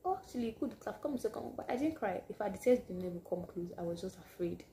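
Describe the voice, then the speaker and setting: A woman telling a personal story to camera in a casual vlog, animated and sometimes dropping to hushed asides. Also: mid-range voice, fast, a little hiss or hum. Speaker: vlogger.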